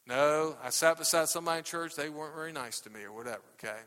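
A male pastor preaching a sermon to his congregation, animated and tagging "okay?" onto nearly every point. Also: a little high, fast, few pauses, long reverb tail. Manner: animated, repeats "okay?" constantly. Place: church sanctuary. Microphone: microphone.

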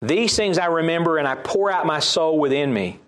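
A man's voice: a little high, expressive, moderate pace, a bit bright. A man with a Southern US accent preaching a sermon, reading scripture aloud and repeating key lines for emphasis.

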